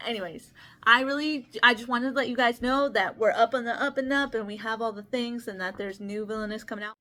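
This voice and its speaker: Woman w a lisp rambling to camera about her games, kinda shy, a bit higher voice, little stutters here n there. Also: brisk, bright, forceful tone. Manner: rambling and chatty with restarts and small stutters; shy and earnest, laughs often. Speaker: board game channel host. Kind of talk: casual vlog talk showing games to camera.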